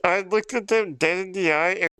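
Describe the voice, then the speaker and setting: A man's voice: high voice, brisk. A young man livestreaming in casual chat, rambling and swearing with frequent laughs. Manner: rambling, profane, laughs often.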